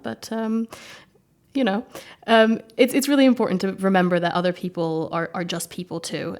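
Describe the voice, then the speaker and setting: A woman's voice: medium pitch, gravelly, a little mellow. American woman with a slightly british lilt, chatting as a podcast guest, lots of um and you know. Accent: American with British-influenced intonation. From United States. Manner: chatty, with frequent fillers. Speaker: guest, legal expert. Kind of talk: conversational interview.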